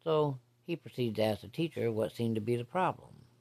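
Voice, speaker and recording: A man recounts his own story in a casual, unpolished way. His voice has a rough, gravelly edge and sits at an ordinary middle pitch. He talks bluntly and folksily, with plenty of salty language. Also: expressive, fairly quick, a little mellow. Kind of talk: casual first-person storytelling.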